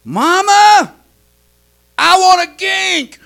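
A man's voice: very high voice, expressive, drawn-out words, fairly bright tone, voice pushed up, heavily acted. A man voicing a stubborn three-year-old boy in baby talk, who begs for a drink at bedtime. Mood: whining.

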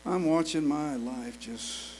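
A middle-aged man preaching a sermon, telling a story with animated swings between hushed and loud delivery. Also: a little high, slow pace, a little hiss or hum, rough recording.

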